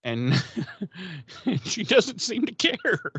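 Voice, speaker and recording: A man's voice: sits high, sing-song, extremely slow, bright, forceful tone, breathy edge, no echo. A man casually recapping a TV episode on a podcast, rambling, swearing and acting out the characters' lines. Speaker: podcast co-host.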